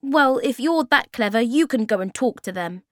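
A woman's voice: on the high side, very animated, a little slow, a bit bright, no echo, studio quality, voice pushed up, full character voice. A woman voicing a touchy young male creature who speaks in an impatient, sulky way.

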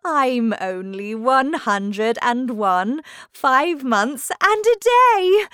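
A woman voicing an eccentric old queen in a storybook, speaking slowly with high, dramatic exclamations. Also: very animated, fairly bright tone, smooth, dry recording, clean studio sound, full character voice. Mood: theatrical.

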